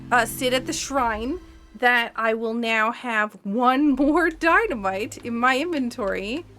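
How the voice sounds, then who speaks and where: A woman's voice: fairly high pitch, takes it slowly, pushed and bright. A woman playing a game live and explaining it as she goes, chatty and laughing often, with plenty of fillers. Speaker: speedrun player. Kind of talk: live gameplay commentary.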